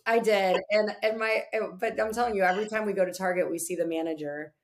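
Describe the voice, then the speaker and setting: Animated woman telling a story. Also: mid-range voice, fast talker. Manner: animated storyteller, acts out quoted voices. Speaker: podcast guest. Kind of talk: casual chat.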